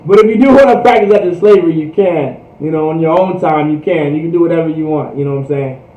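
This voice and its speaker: A man teaching a language class, drilling phrases slowly and repeating them, with casual asides. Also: fairly high pitch, mellow. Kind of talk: livestreamed language lesson. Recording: echoey, distant, dull lo-fi room sound.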